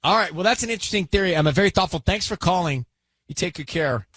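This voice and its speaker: A male radio host leading studio banter in a brisk, teasing way. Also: sits high, lively intonation, a bit bright, dry recording. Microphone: studio microphone.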